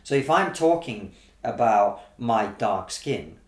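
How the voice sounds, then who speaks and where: A man's voice: on the low side, slow pace, roomy sound. A comedian from Russia talking in a casual conversation, arguing his point with lots of rhetorical questions. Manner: animated, argumentative, rhetorical questions. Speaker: comedian guest.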